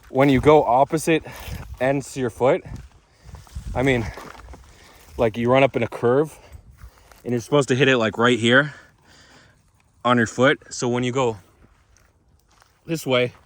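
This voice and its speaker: A man's voice: mid-range voice, a bit bright, a little hiss or hum. A man vlogging outdoors in a casual, rambling way, full of restarts and asides. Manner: chatty, rambling with restarts and fillers.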